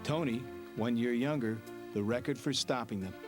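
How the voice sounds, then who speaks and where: A man giving measured, scripted documentary narration. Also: medium pitch. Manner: steady, measured storytelling. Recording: narration over music. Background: music.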